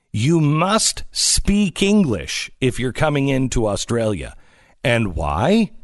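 A man hosting a talk radio show, telling stories earnestly and dropping to a hush at the serious parts. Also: mid-range voice, dry recording, studio quality. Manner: earnest storytelling, lively swings from loud to hushed.

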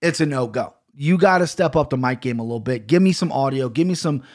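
He's a casual podcast host with a medium-pitched, expressive voice, moving at a fast clip. Speaking into a home studio mic, he wanders through a fight recap, swearing a lot and pulling no punches.

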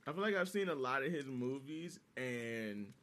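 A man's voice: medium pitch, expressive, normal speed, fairly bright tone. A man chatting casually as a co-host, teasing his friend, laughing often and cutting in. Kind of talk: casual chat.

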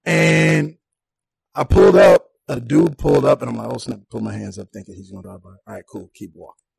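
A young man telling a personal story on a podcast in a casual, animated way, acting out the people in it. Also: mid-range voice, brisk, vocal fry. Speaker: podcast guest.

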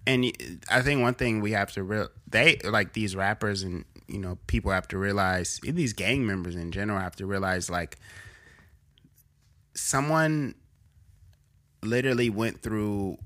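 A man's voice: fairly low pitch, moderate pace, a bit bright. A young man co-hosting a casual podcast chat, reflective and rambling, circling back on his own phrases. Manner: rambling, many fillers and restarts, reflective. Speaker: podcast co-host.

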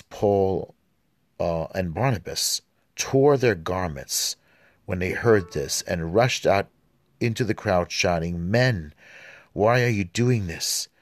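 A man hosting a podcast who reads the Mass prayers and scripture aloud, with relaxed, filler-filled asides between the readings. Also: deep voice, dry recording, clean studio sound.

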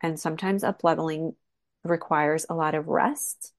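Woman, lowish voice, encouraging co-host, rhetorical questions, dry sound. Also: fairly even intonation, moderate pace, no room sound. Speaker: podcast co-host. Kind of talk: casual conversational podcast.

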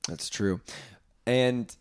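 A man's voice: medium pitch, drawn-out words, clean tone. A man co-hosting an improvised comedy podcast, chiming in with dry jokes. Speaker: podcast co-host.

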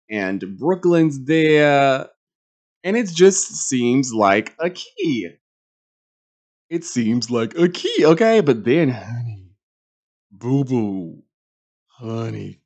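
A young adult man hosting a reality TV recap, talking in a sassy, campy, animated way with big swings in pitch. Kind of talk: casual recap monologue.

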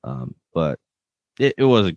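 A man's voice: sits low, a little slow, no room sound, highs cut off. A man co-hosting a podcast, casually recapping a TV episode and loosely paraphrasing the characters' lines. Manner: relaxed, retells scenes with loose paraphrased quotes. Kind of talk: casual chat.

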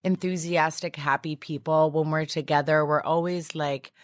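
A woman's voice: low-pitched, steady tone, moderate pace, dry recording, clean studio sound. A woman in her thirties chatting as a podcast guest, telling stories in a bubbly way with lots of fillers. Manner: bubbly storyteller, lots of likes. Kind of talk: casual chat.

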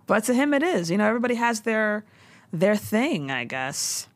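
A New woman talking slangy and animated, her voice swinging high and low as she recaps a story. The sound is dry and close to the mic with no room around it. She keeps the chat loose and laughs often. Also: normal speed, dry recording. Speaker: podcast co-host recapping a TV show. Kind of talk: casual chat.

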